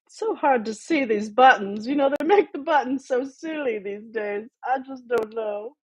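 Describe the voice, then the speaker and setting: A woman's voice: on the high side, normal speed, husky. A woman hosting a casual live stream, chatting playfully with her viewers and calling them darlings. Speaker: livestream host.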